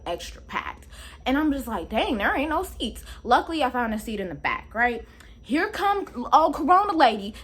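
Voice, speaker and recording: Animated young woman telling a storytime. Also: sits high. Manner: animated, exclamatory, slangy. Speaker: vlogger. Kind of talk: storytime vlog.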